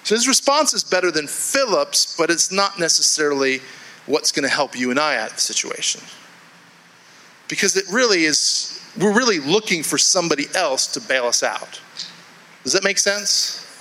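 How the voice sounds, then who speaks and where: Bright-voiced man preaching a sermon. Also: fairly high pitch, expressive, moderate pace, poor audio. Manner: conversational, repeats and restarts phrases, acts out quoted inner voices. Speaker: pastor. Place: church with a congregation.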